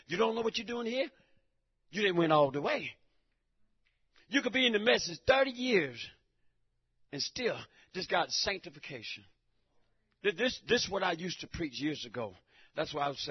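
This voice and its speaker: A high-voiced, husky man preaching a fiery sermon in a church. He swings between shouting and near-hushed talk and often stammers and repeats himself. The recording is dull and lo-fi. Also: very animated, moderate pace, long pauses.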